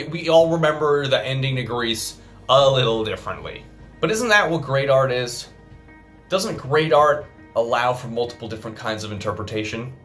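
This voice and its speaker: A man leading a scripted comedy sketch in a mock-earnest, sincere tone. His pitch sits in the middle for a man, and guitar music plays clearly behind him. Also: fairly bright tone.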